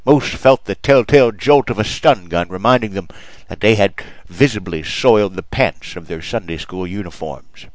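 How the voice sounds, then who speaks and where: A man's voice: sits low, moderate pace, no echo, poor audio. Dry-voiced man giving a mock sermon. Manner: preachy, storytelling delivery. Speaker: preacher.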